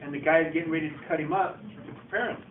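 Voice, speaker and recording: A man tells an oral folktale in a casual, repetitive way and talks straight to his listeners, in a fairly high voice. He sounds far from the microphone, and the recording is tinny and echoey, with faint background noise. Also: fast talker. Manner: casual, repetitive "he goes" narration addressing listeners. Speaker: storyteller.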